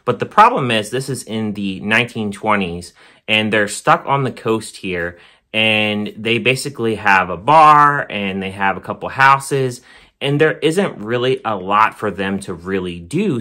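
A man with a fairly low voice that still comes across bright and forceful. He gives a casual movie review on his own channel, plain-spoken and conversational. He leans often on filler words like "really" and "basically". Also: expressive, normal speed.

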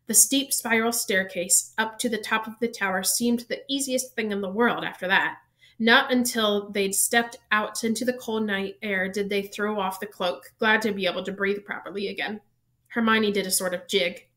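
A woman reading a novel aloud in an even storytelling manner, now and then correcting a slip. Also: medium pitch, normal speed. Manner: even storytelling pace, small self-corrections. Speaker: reader.

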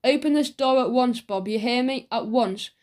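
A woman's voice: on the high side, normal speed, darkish tone, lightly acted. A woman reading an audiobook, voicing a weary working mother who speaks coolly and firmly. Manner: cool, firm.

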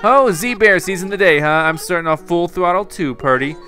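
A bubbly, gossipy female cat villager from a video game, as a man puts her on. The voice is pushed high and lively, and it chatters brightly about the neighbors. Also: normal speed, soft background music.

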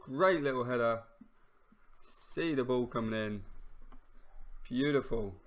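A man giving casual commentary on his own football management game, excitable, shouting at near misses and goals, and wry about the player names he stumbles over. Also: mid-range voice, slow. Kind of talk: casual let's-play commentary.

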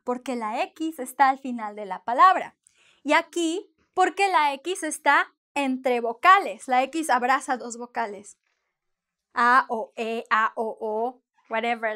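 A woman who teaches Spanish leads an online lesson in a high, bright voice. She's lively and playful, slipping easily in and out of English while she explains.

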